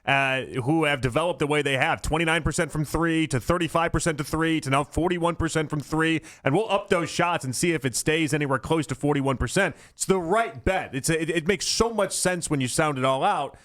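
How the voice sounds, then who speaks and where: A man co-hosting a sports radio show, his voice set a touch high. He stammers through the opening of each thought, then lays out his case in steady, measured analysis. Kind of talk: casual sports talk. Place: radio studio.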